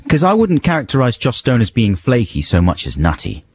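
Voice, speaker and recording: A man's voice: medium pitch, wildly swooping pitch, fairly quick, a little mellow, slightly rough, no echo. A man co-presenting a radio show in a studio, chatty and jokey, rambling with restarts. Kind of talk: casual radio banter. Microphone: studio microphone.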